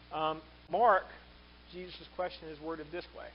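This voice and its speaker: A male pastor preaching a sermon in an animated way, acting out the quoted lines. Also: high-pitched, normal speed, dull audio.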